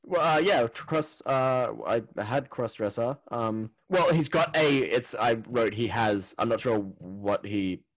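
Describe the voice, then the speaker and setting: A man's voice: mid-range voice, measured pace, few pauses. A man co-hosting a casual chat podcast, rambling, laughing often and swearing offhandedly. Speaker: podcast co-host.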